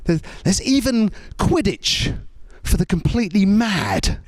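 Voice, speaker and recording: British man, stand-up comedian, animated, slightly high voice, very lively intonation. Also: a little slow, no echo, clean studio sound. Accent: British English. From Britain. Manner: animated, jokey, acts out voices.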